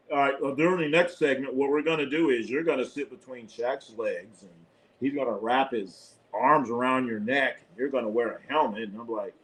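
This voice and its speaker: A man's voice: medium pitch, normal speed. A man hosting a live sports stream, talking loosely in casual chat, blunt and profane, laughing often. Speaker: sports show host.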